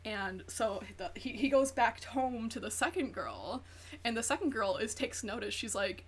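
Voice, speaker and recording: A woman's voice: on the high side, lively intonation, normal speed, breathy edge. A woman streamer chatting casually while gaming, rambling through profane gossip and acting out quotes. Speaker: VTuber streamer.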